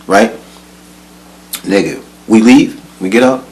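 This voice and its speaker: Animated low-voiced man telling a story. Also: moderate pace, poor audio. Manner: animated, profane, laughs often, mimics voices in quotes. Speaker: guest telling his life story. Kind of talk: casual storytelling.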